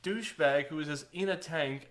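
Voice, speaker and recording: A young man co-hosting a casual gaming chat, animated and laughing often as he acts out moments from a game. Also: a little high, moderate pace. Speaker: podcast co-host.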